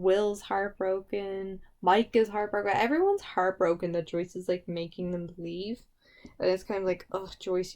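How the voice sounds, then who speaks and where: A woman's voice: medium pitch, darkish tone. A woman giving a casual spoken review of a TV series, gushing and emotional, with lots of "like" fillers.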